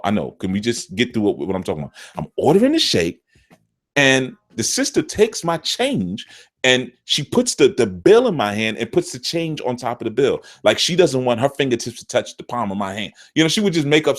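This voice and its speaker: A middle-aged man, a spiritual teacher, talking casually and telling stories, often jumping high into quoted voices. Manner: animated, jumps into quoted voices with big pitch swings. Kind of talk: casual storytelling talk.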